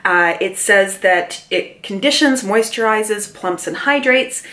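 A chatty woman talks to the camera from home, reviewing a beauty product. She reads the details aloud, adds playful asides and lets her pitch jump around. Her voice carries a mild cold. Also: lively intonation, slow, sharp tone. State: mild cold, mouth breathing. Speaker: beauty vlogger.

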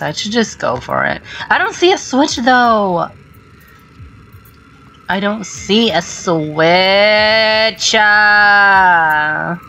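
A woman commenting on her own gameplay, excitable and swearing, with startled shrieks. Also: lowish voice, creaky, poor audio. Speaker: gamer. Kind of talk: let's play commentary.

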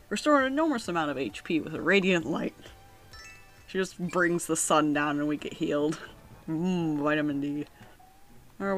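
A woman giving casual, joking commentary as she plays a video game, often laughing and reading game text aloud. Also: low voice. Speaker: video game let's player.

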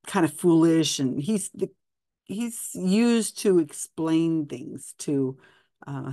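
This host is a woman whose voice is low and darkish, captured dry with clean studio quality. She explains a story informally, reads out passages with quoted dialogue, keeps things chatty, and restarts a lot.

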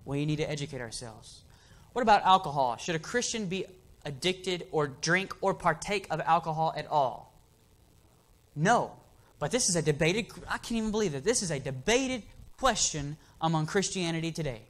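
A man's voice: fairly high pitch, expressive, normal speed, fairly bright tone. A man preaching an emphatic sermon in a church, asking the congregation for amens.

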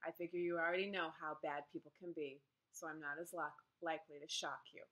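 A woman's voice: low voice, fairly even intonation, brisk, fairly bright tone. Weary teenage schoolgirl, curt and glum, read by a woman. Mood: confiding. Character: weary, unhappy teenage boarding-school girl.

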